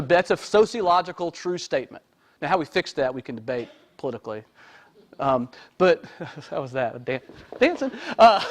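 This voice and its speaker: A high-voiced man gives an informal lecture to an audience. He speaks as a therapist, in a chatty, joking way, and keeps checking in with "right?" and "okay?". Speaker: therapist giving a talk.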